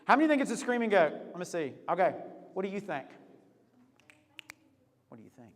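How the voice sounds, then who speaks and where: A man hosting a lively game for a group, upbeat and teasing, laughing often. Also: sits high, brisk, in a large hall, slight background noise. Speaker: youth leader hosting a game.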